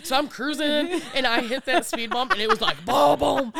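A woman's voice: high-pitched, animated, a little fast, gravelly, over a noisy crowd. A woman co-hosting a podcast, chatting casually and laughing often as she tells driving stories. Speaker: podcast co-host. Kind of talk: casual chat.

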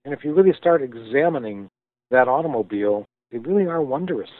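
A man being interviewed, telling a story with thoughtful pauses and frequent restarts as he explains things. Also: medium pitch, expressive, dry recording. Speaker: guest, company founder. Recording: tinny phone-like line, dry.

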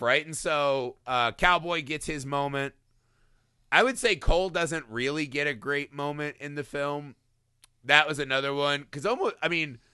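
A man co-hosting a casual movie review chat, talking in an animated way, acting out lines from scenes, laughing often and swearing. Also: a little high, clear, resonant tone, dry recording, studio quality. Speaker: podcast co-host.

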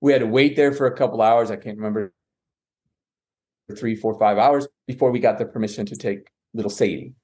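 This adoptive father, a podcast guest with a fairly low voice and brisk delivery, tells a long story from his life. He's lively, voicing others' lines ("she goes," "I said"), and frequently stops to restart or correct himself.

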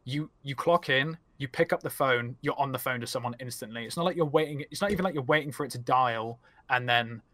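A young man chats on a podcast as an animated storyteller who swears freely. His voice sits at a middle pitch, recorded dry and close with no room sound. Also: brisk, few pauses, dry recording. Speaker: guest, streamer. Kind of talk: casual podcast chat.

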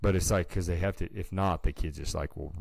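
A man's voice: deep voice, steady tone, vocal fry, a little mellow, no room sound. A man co-hosting a podcast, chatting casually and telling rambling stories full of "like" and "dude". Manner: slips into quick put-on voices for people in his stories. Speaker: podcast co-host. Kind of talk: casual chat.

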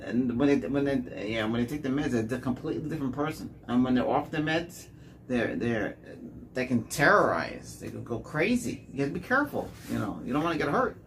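A man rambling through his own dating stories in a casual monologue, repeating words and getting animated when he quotes people. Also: mid-range voice, brisk, vocal fry, a little hiss or hum. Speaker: dating vlogger.

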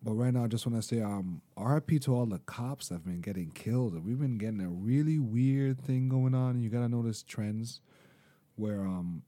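Man, podcast co-host. Mellow, animated storyteller. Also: moderate pace. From Canada. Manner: animated storytelling, acts out quotes in higher voice. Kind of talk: casual chat.

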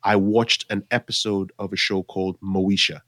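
A Nigerian actor in his forties tells his life story in a conversational interview, rambling with many restarts and self-corrections and acting out his own past thoughts. His low voice has a flat delivery, moderate pace and a slightly bright tone, recorded at studio quality with no echo.

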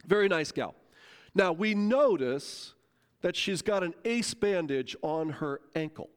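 A man preaching a sermon, telling a story in a lively, conversational way and acting out the quotes. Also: high-pitched, measured pace, smooth. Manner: animated, conversational, acts out quotes. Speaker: pastor.

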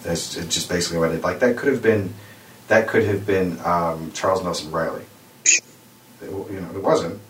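A man's voice: low voice, normal speed. A man in his forties co-hosting a podcast, rambling and playful, sometimes slipping into silly voices. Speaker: podcast co-host. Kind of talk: casual chat. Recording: echoey room, distant from mic, faint hiss.

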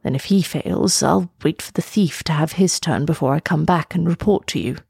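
A woman voicing a patient, weary old male sea turtle in a storybook reading, explaining things in a measured way. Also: sits low, vocal fry, darkish tone, slightly rough, no room sound, studio quality, heavily acted.

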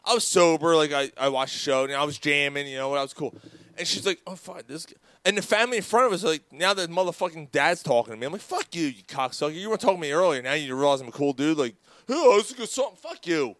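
Guy rambling through a concert story, cussing a lot, kinda high voice, dry studio sound. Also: lively intonation, fast talker, a bit bright, no room sound. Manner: profane, rambling, acts out quoted dialogue. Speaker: podcast co-host. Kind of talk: casual storytelling chat.

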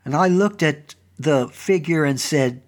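A man narrating a first-person story as the host of his own show, with a fairly high-pitched voice. He tells it in an earnest, conversational manner. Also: a little slow. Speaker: storytelling host and historical reenactor.

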